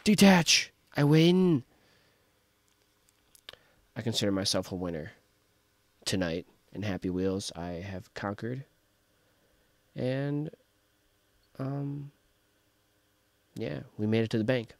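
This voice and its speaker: A man's voice: on the low side, fairly even intonation, slow pace, creaky, pauses often, no echo. A young man giving casual let's-play commentary, talking to himself, frustrated and joking as he plays. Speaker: gaming video host.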